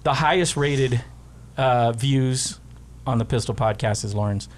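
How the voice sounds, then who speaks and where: A man hosting a casual podcast, joking with guests and pausing often with fillers. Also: mid-range voice. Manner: relaxed, joking, many filler pauses. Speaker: podcast host.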